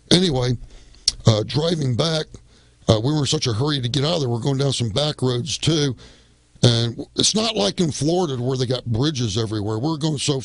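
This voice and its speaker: A man's voice: medium pitch, dry recording. A man, a guest on a radio business show, telling a long story in a casual, rambling way and often coming back with "well, anyway".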